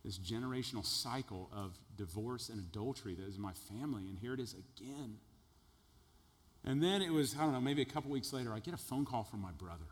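Preacher in a reverberant hall. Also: male voice, mid-range voice, brisk. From Texas. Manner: animated storytelling, swings between loud jokes and quiet earnest passages. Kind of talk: sermon testimony. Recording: echoey hall with long reverb.

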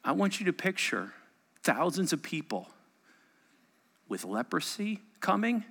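A man preaching a sermon, telling stories with lively acted-out voices and swinging from loud exclamations to hushed asides. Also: high voice, a little slow, vocal fry, breathy edge. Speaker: pastor.

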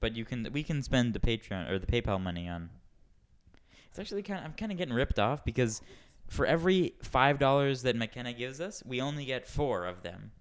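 Smooth clear voiced guy hosting a chill podcast, kinda wry. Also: medium pitch, animated, fairly quick. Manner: wry, runs the topics. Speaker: podcast host.

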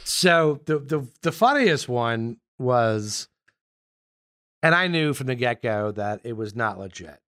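A man who works as a yacht broker, talking casually in a halting way with many restarts. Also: mid-range voice, expressive, fairly bright tone, dry recording, studio quality. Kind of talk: casual conversation.

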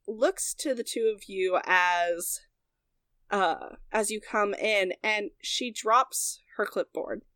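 Woman GM, easygoing halting narration, dry sound. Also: mid-range voice, no echo. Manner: relaxed, unhurried narration with hesitations. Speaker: game master. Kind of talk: narrating a tabletop game.

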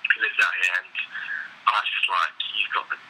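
A man's voice: sits low, fairly even intonation, a little fast, pushed and bright, husky, low-quality recording. A young English man in a band, chatting in an interview, rambling with lots of fillers and casual swearing. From England. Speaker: band member.

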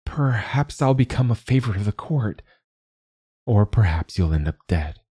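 A man voicing an earnest, heartfelt young woman librarian, speaking in a halting, emotional way. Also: lowish voice, expressive, dark tone, breathy edge, no echo, studio quality, voice pushed up. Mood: wry.

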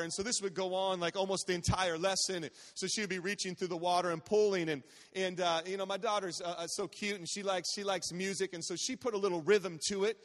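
A high-voiced man in his forties who preaches as a guest pastor, telling family stories in a chatty, joking way. He keeps tossing call-outs to the crowd, and his voice carries a long reverb through a large church sanctuary. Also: fairly even intonation, fast, hardly any pauses, a bit bright. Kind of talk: sermon storytelling.

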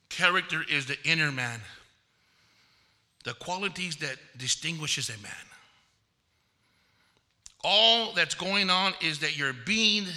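A man preaching a sermon at a leadership conference, telling animated stories and acting out the voices of people he quotes. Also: on the high side. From Texas. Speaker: pastor. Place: conference hall. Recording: long hall reverb.

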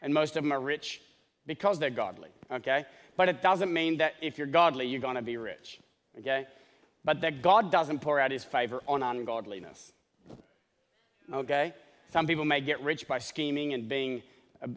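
A man preaching a sermon as pastor, joking and animated, often checking in with the congregation with "okay?". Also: mid-range voice, in a large hall. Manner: joking, animated, talks straight to the congregation with many "okay?" asides.

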